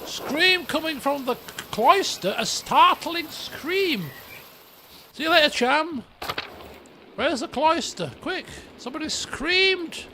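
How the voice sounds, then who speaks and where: A man's voice: very high-pitched, expressive, slow pace, bright, forceful tone, a little hiss or hum. A man with a British accent, casually commenting on a video game and reading its dialogue aloud with some drama. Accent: British English. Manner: chatty and rambling, turning dramatic when reading lines aloud. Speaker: let's play host. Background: game music.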